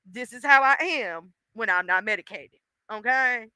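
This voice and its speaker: A woman chatting casually on a livestream, animated and outspoken, rambling from thought to thought. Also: on the high side, moderate pace, clean tone, no echo.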